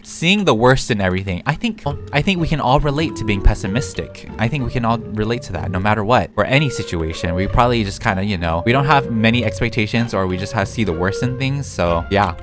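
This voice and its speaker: A man giving casual, rambling gameplay commentary with frequent giggles and fillers. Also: on the low side. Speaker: gaming video creator. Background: background music.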